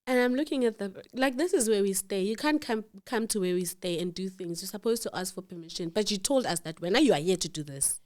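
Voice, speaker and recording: A woman's voice: medium pitch, brisk, hardly any pauses. A South African woman telling a personal story in casual chat, acting out the voices of the people in it. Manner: animated, acts out voices of others in the story. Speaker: storyteller host.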